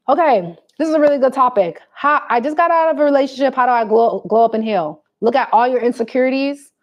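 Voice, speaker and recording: A woman talks straight to her viewers in a casual, sassy style, handing out blunt and preachy advice. Her voice sits on the higher side. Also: expressive, normal speed, dull audio. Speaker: vlogger giving advice. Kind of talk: casual livestream chat to viewers.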